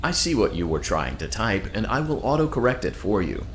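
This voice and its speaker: A low, lively-pitched robot helper, game voice, polite and measured. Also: male voice, a little hiss or hum. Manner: polite, measured customer-service delivery. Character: polite male robotic handheld assistant, calm and chipper.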